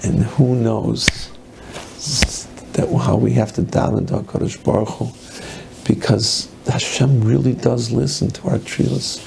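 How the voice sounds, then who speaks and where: A rabbi giving a sermon, telling a story in animated English mixed with Yiddish and Hebrew words. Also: male voice, mid-range voice, measured pace, creaky, a little hiss or hum.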